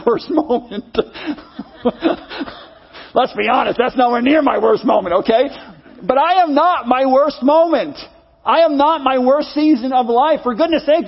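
A man's voice: very high-pitched, dull audio. A middle-aged male pastor preaching a sermon in an earnest, repetitive style, leading the congregation in call-and-response.

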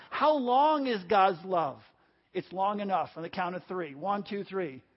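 A man preaching a sermon, emphatic and repetitive, calling on the congregation to answer back. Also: high-pitched. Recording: dull lo-fi audio.

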